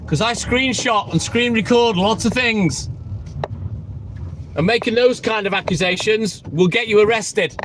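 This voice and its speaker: Unhurried and fairly bright, this high-voiced man in his late thirties greets his live stream viewers, then swears bluntly at a heckler. He trash-talks viewers with heavy profanity, and a slight hiss or hum runs under the audio.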